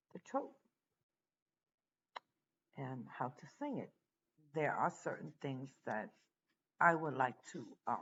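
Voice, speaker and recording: A teacher giving a slow, deliberate spoken lesson, pausing often between phrases. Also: mid-range voice, creaky, highs cut off, slight background noise.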